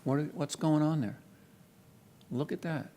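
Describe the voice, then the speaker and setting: A man's voice: a little high, unhurried, dark tone. An older man from New Jersey giving a conference keynote talk in a lecture hall, telling a story with restarts and lifting his voice on emphasis. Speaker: keynote speaker. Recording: reverberant hall.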